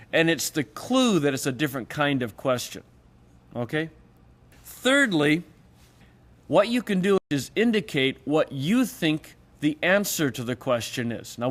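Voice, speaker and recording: A man's voice: big pitch swings, normal speed. A man teaching Greek grammar in a lecture, explaining patiently and voicing the example questions he quotes. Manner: explanatory, acts out quoted questions with raised pitch. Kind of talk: recorded classroom lecture.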